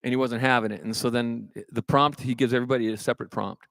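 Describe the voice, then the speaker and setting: Singer guy from california cracking goofy jokes between songs, bright crisp voice, real dry sound. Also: mid-range voice, fairly even intonation, fast, no room sound. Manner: chatty, self-mocking, laughs at his own jokes. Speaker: singer-songwriter performing live. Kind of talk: stage banter and joke-telling between songs.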